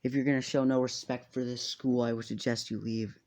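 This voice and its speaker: A man's voice: mid-range voice, little pitch movement, fairly quick, a little mellow, close to an everyday voice. A man voicing a stern, rule-bound male student who formally scolds a classmate. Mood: stern scolding. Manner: formal, lecturing.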